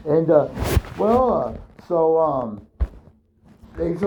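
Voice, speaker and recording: A man's voice: a little high, sing-song. A man telling a rambling personal story, swearing often and stopping to restart his sentences. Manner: profane, halting, full of fillers and restarts. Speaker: storyteller recounting his own ordeal. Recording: dull lo-fi recording with faint hiss.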